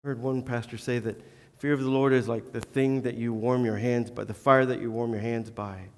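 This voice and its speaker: Speaking fairly quickly with a medium-pitched, steady voice, a male pastor preaches earnestly in a church sanctuary. Self-deprecating humor flashes through now and then, and the audio carries long church-hall reverb.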